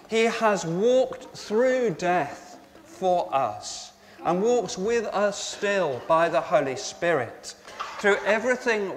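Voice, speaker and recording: A male pastor giving an Easter sermon to all ages. He asks the congregation questions and repeats their answers back to them. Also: high-pitched. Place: church. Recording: reverberant church with faint noise.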